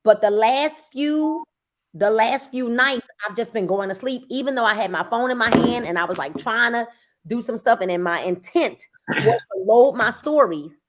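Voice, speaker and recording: A woman coaching on sales in a casual motivational talk, her voice pitched a little high and swinging widely up and down. She hammers points home by repeating phrases and sometimes breaks into loud urging. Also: lively intonation, normal speed. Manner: emphatic, repeats phrases for effect; bursts into loud urging at times.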